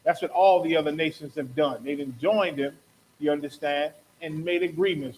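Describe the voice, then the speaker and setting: A high-pitched man preaching hard as host of a talk show, rhetorical and fired up, slipping into other voices to act out what people said. A faint ambient hum sits behind him. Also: moderate pace, a little mellow, poor audio. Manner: preachy, rhetorical, acts out quotes. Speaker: podcast host. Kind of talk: impassioned religious commentary.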